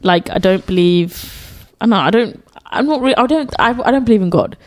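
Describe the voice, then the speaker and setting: A woman's voice: medium pitch, expressive, normal speed. A young woman co-hosting a podcast, chatting casually with many restarts and fillers. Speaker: podcast co-host. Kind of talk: casual chat.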